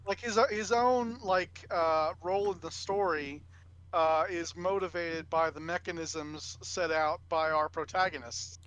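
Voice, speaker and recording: A man co-hosting a casual podcast, talking in halting sentences full of restarts. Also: on the high side, fairly bright tone, clean tone, lo-fi sound. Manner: halting, many fillers and restarts. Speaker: podcast co-host. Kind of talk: casual chat.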